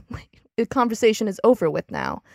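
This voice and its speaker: A woman's voice: on the high side, huge pitch swings, a little fast, vocal fry, a little mellow, dry recording, clean studio sound. A woman co-hosting a podcast, casually chatting and reading her old diary aloud with giggly, playful drama. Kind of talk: casual chat.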